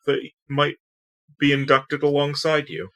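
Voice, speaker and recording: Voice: mid-range voice, monotone, unhurried, a bit bright. A tabletop player speaking in a dry, matter-of-fact way. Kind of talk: casual tabletop play.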